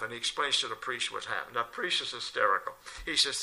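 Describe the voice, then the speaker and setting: Older man telling a lively anecdote. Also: mid-range voice, fast talker, hardly any pauses, poor audio. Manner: animated, jumps into lively voices for quoted people. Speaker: local storyteller.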